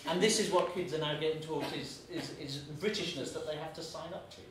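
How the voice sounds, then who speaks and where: A man's voice: on the high side, brisk. Earnest man on a noisy echoey panel. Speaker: panelist, former teacher. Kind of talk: live panel discussion. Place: museum event space. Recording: echoey room, far mic, audible noise.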